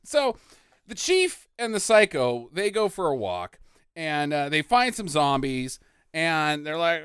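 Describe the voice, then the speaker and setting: Lively, laughing woman riffing on a movie. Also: on the low side, a little slow, clean tone, dry recording, clean studio sound. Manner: laughs often, acts out quotes. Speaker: podcast co-host. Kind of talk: casual movie-riffing chat.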